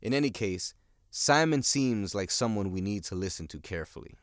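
A man explains a novel to learners in a lowish voice. He talks plainly and simply, stopping now and then to ask the listener a question. The sound is dry and close to the mic. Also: expressive, moderate pace, dry recording. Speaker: teacher.

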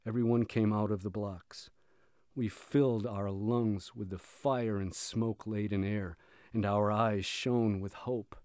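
A man reading a memoir aloud in a measured, steady storytelling voice. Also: lowish voice, dry recording, studio quality. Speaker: reader.

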